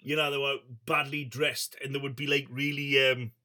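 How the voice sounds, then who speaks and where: A man's voice: mid-range voice, level tone, moderate pace, bright, forceful tone. A middle-aged man, hosting a call-in radio show and rambling in a chatty, sweary way. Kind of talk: casual call-in chat.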